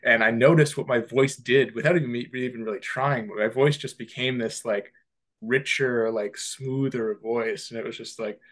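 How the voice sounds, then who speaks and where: Male podcast co-host, mid-pitched, casual, animated, loose chat. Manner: rambling, animated, quick to laugh, many "like" fillers.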